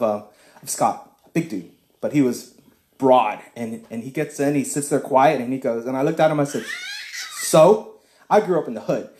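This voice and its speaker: A man telling a personal faith testimony as casual talk, acting out both sides of a conversation with lively shifts of voice. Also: fairly high pitch, reverberant. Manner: acts out dialogue with shifting voices. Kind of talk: animated storytelling testimony.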